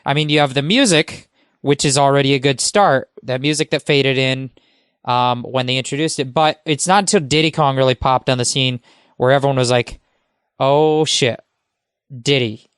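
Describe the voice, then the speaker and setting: A man is a guest on a podcast, talking at a middle pitch. His voice is smooth and crisp, and it sounds close and dry. He rambles eagerly and fills his speech with "you know" and "like.". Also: a little fast, a bit bright, no room sound. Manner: enthusiastic, rambling, many fillers. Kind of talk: casual podcast chat.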